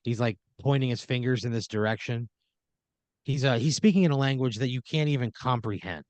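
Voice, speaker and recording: A man's voice: mid-range voice, brisk, darkish tone, dry recording. A man improvising a rambling, profane story in the second person, full of fillers, as a comedy podcast co-host.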